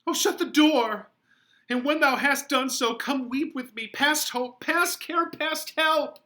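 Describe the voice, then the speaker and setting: A man doing Juliet, desperate and high-pitched. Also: slow pace, heavily acted. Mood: desperate pleading. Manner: high, loud pleading. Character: Juliet, desperate teenage girl pleading.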